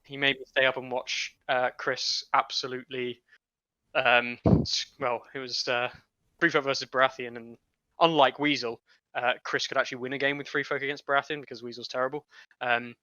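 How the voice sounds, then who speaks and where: A man's voice: mid-range voice, flat delivery, normal speed, bright, forceful tone, no echo. Male co-commentator, slightly drunk, rambling jokes, dry and slightly dull mic sound. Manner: joking, rambling, self-deprecating. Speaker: commentator and co-host. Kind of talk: casual live stream commentary.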